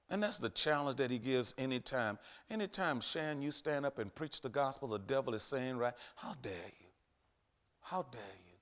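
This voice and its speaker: Emphatic preacher man with loud rises. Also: fairly high pitch. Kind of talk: sermon.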